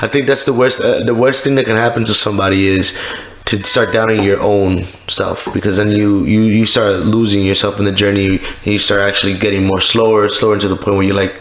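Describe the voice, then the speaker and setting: Man, podcast host, laid-back slangy chat, lowish voice, roomy echo. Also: level tone, a little fast, fairly bright tone. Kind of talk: casual chat. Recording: echoey room with faint noise.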